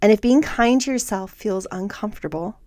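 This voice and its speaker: A woman hosting a self-help podcast, speaking in a calm, measured and encouraging way through a scripted monologue. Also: mid-range voice, no room sound, clean studio sound. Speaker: podcast host.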